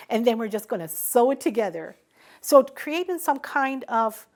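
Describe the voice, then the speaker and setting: Animated middle-aged woman telling stories. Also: medium pitch. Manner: animated, acts out quoted dialogue. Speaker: interviewee, small business owner. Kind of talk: conversational storytelling interview.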